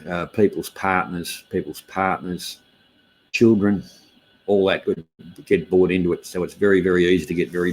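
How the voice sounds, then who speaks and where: A middle-aged man hosts a casual livestream chat. He talks haltingly, with many fillers and restarts, and greets viewers by name as they join. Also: on the low side. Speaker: livestream host. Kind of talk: casual live-stream chat.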